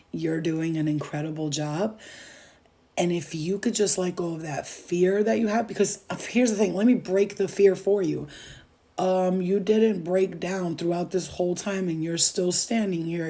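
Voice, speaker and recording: Gravelly, warm-voiced woman giving a pep talk. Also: fairly low pitch. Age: adult with a child. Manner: emphatic and profane, repeats phrases for effect; speaks straight to the viewer, reassuring. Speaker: spiritual reader channeling messages. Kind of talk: casual motivational channeled message.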